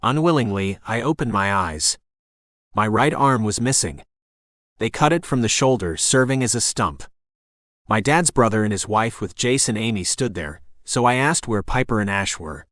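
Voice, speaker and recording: A man narrating a first-person novel as an audiobook in a steady storytelling voice. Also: lowish voice, moderate pace, no room sound, clean studio sound.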